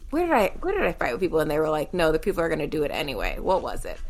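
A woman's voice: lowish voice, very animated, quick pace, hardly any pauses. Blunt, emphatic woman podcast co-host. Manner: blunt, emphatic, swears freely. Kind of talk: casual chat.

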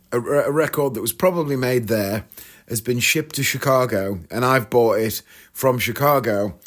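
A chatty man tells a casual story in a mid-range voice. He is a magician and acts out his own punchlines with a dry, self-deprecating touch. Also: medium pitch.

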